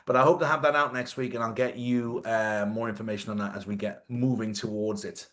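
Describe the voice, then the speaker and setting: A man's voice: lowish voice, steady tone, a little fast, a bit bright. A man hosting a casual live-stream chat. He jokes, laughs often and swears freely. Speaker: host.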